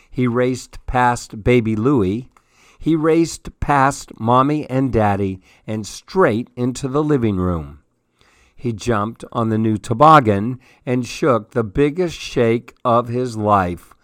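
A man reading a children's story aloud in an unhurried, expressive way. His voice sits mid-range and sounds close and dry. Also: medium pitch, no room sound. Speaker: radio story-hour host.

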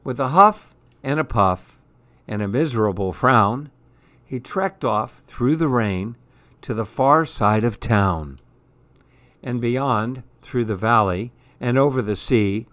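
A man reads a rhyming picture book aloud, slow and measured, holding to the verse's rhythm. His middle-pitched, somewhat bright voice has lively intonation and sounds dry and close, with no room sound at all.

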